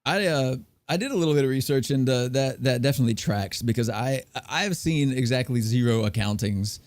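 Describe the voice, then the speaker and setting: A man's voice: medium pitch, fairly quick, a little mellow, dry recording. A man hosting a casual podcast chat, rambling with lots of fillers and restarts. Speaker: podcast host.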